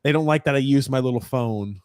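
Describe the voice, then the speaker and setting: A man's voice: medium pitch, a little fast, darkish tone, no room sound, clean studio sound. A young man hosting a podcast, casually reading viewer comments aloud and laughing often. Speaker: podcast host.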